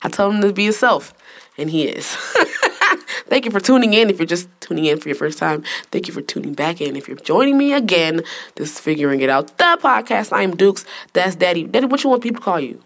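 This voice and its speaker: Young woman hosting a lively podcast chat. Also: fairly low pitch, fairly quick, gravelly. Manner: laughing, teasing, lively banter. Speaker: podcast host. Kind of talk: casual chat.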